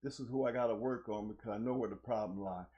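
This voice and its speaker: A man's voice: on the low side, fast talker, lo-fi sound. A man hosting a live-streamed talk show, chatting casually with his co-host and the viewers. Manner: animated, repeats "you know what I'm saying".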